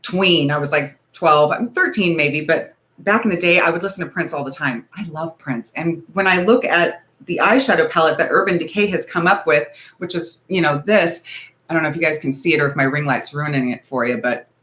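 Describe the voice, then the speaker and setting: A woman's voice: deep voice, fairly quick, fairly bright tone. A woman in her forties hosting a casual beauty livestream, talking in a nervous, rambling, hedging way. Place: home, ring light.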